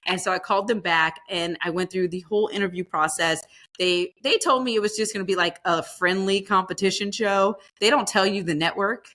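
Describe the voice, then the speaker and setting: Bright, lively storytelling woman. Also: mid-range voice, a little fast. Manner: lively storyteller, acts out quoted voices; casual, fillers like "like" and "you know". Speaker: barbecue pitmaster guest. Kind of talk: storytelling in a podcast interview.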